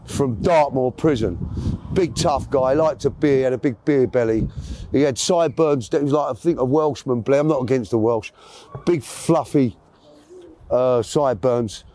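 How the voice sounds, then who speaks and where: A man's voice: mid-range voice, moderate pace, mellow, a little hiss or hum. A man, telling a long story as an interview guest in a rambling, chatty way, correcting himself as he goes. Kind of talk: casual storytelling.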